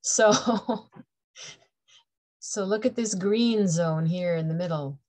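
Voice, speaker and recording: A woman's voice: mid-range voice, takes it slowly, a little mellow. A middle-aged woman from Canada giving a chatty, playful tarot reading to camera, laughing often between her points. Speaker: tarot reader.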